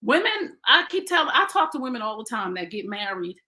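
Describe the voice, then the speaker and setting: A woman's voice: on the high side, very animated, a little fast, pushed and bright. A woman in her fifties giving blunt, preachy relationship advice in a casual live stream, speaking straight to her viewers. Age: 50s.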